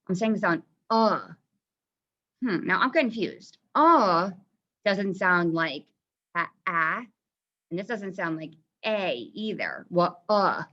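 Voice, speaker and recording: A woman teacher slowly sounding out vowels in a phonics lesson. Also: on the low side, a bit bright, dull audio. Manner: slow, drawn-out sounding out of vowels.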